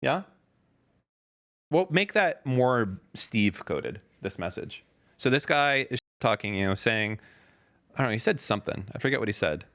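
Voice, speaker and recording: A man in his thirties with a gravelly, fry-laden voice, hosting a casual podcast. He reads tweets aloud with dry sarcasm and mocking asides. His pitch sits at an ordinary middle level for a man. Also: lively intonation, moderate pace, fairly bright tone. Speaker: podcast host reading tweets. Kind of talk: casual reaction chat.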